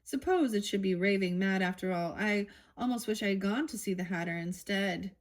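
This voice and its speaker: A woman's voice: mid-range voice, brisk, lightly acted. A woman reading aloud the lines of a curious, polite young girl from a storybook.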